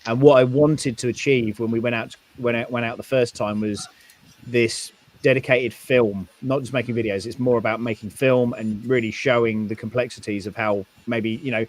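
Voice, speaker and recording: A man's voice: mid-range voice, steady tone, normal speed. A British man, likely in his thirties, a maker and YouTuber, chatting casually on a podcast with rambling stories and many fillers. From United Kingdom.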